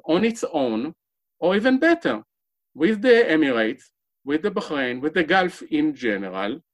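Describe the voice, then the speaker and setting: Higher-pitched man giving a panel talk. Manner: measured, with frequent pauses and fillers. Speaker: panel speaker.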